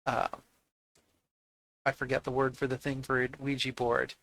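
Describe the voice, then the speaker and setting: A man's voice: mid-range voice, monotone, moderate pace, gravelly, fairly bright tone, dry recording, rough recording. A man playing a tabletop game, talking emphatically and expressively. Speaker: player. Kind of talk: tabletop role-play.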